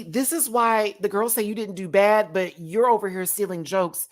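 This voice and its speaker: A man from Houston, hosting a live reaction stream with sassy, campy asides. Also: high-pitched. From Houston, Texas. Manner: sassy and campy, quick asides and frequent laughter. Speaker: host of a live reaction show. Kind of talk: casual livestream commentary.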